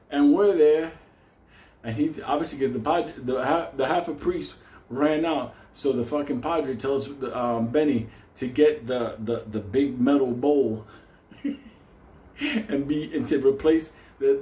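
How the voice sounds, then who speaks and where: A man telling a wild story in a comic, profane way, swearing constantly and laughing as he talks. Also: roomy sound. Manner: shouts acted quotes in a high voice.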